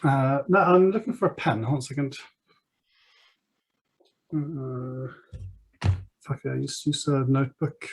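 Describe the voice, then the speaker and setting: A man acting as game master, chatting loosely over a video call before play. He talks at an even middle pitch and hedges his way through sentences with frequent ums and false starts. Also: measured pace, pauses often, a little hiss or hum. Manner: hesitant, many ums and restarts. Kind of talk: casual chat before a tabletop game.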